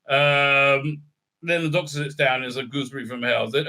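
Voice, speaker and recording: A man's voice: medium pitch, moderate pace, bright, forceful tone. A man ranting through a recap review, sarcastic and profane, full of stammering fillers. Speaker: show reviewer.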